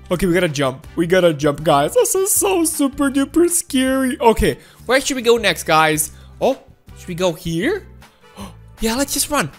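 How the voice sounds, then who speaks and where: A woman giving excited let's-play commentary, often shouting and constantly calling out to the viewers as guys. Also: high voice. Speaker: gameplay commentator.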